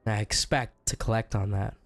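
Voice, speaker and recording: A young man streaming a game who is sick and sounds rough. He chats casually, reads chat aloud and jokes with viewers. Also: fairly low pitch, fairly even intonation, moderate pace, no room sound. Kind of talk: casual chat while gaming.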